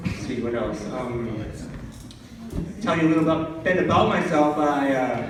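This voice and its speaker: A man's voice: moderate pace, heavy background noise. A man from Vermont doing a stand-up comedy set, sarcastic and ranting, filmed from across a small club. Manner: sarcastic, ranting, jumps up high for mocking voices. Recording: echoey club filmed from a distance.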